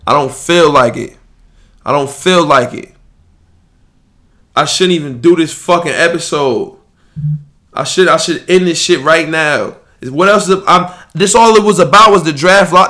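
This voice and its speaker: A man's voice: a little high, measured pace, pushed and bright. A man hosting his podcast, ranting in a heated, profane and slangy way. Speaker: podcast host. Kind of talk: live emergency podcast rant.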